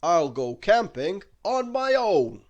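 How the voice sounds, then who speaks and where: A man voicing a strong, steady male storybook character who speaks slowly, loudly and calmly. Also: sits high, dull audio, voice pushed up, exaggerated voice. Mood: musing.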